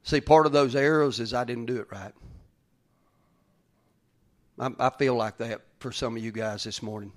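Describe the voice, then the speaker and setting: A man preaching a folksy sermon as pastor, swinging from loud calls to hushed whispers. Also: mid-range voice, normal speed, long pauses.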